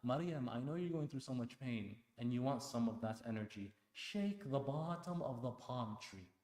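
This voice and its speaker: A man preaching a sermon at an Islamic center, impassioned, dropping to a hush and then rising loud, firing rhetorical questions at the congregation. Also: mid-range voice, lively intonation, normal speed. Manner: impassioned, swings between hushed and loud; asks the audience pointed rhetorical questions. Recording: echoey hall.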